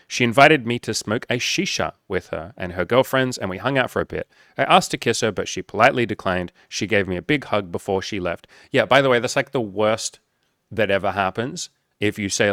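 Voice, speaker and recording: A man's voice: fairly low pitch, a bit bright, dry recording, studio quality. Casual swearing male dating coach. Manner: casual, profane, lots of likes and filler; acts out quoted dialogue with voice shifts. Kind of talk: casual video talk.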